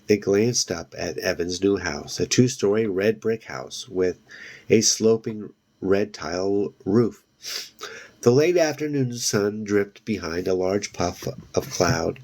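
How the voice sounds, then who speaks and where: A man with a fairly low voice reads a children's book aloud for a book video. He narrates plainly and steadily, with the odd slip he corrects and then reads on. His pace stays easy and unforced. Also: darkish tone.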